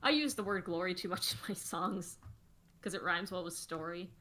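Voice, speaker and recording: A woman's voice: lowish voice, moderate pace, sharp tone. A woman co-hosting a casual livestream, explaining lyric meter and rhyme in detail. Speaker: songwriter co-host.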